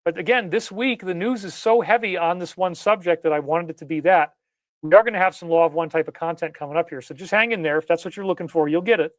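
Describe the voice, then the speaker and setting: Emphatic male commentator, high voice, dry close mic, leans hard on key words. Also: quick pace, no echo. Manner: emphatic, repeats key words, rhetorical questions. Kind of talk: animated live-stream commentary.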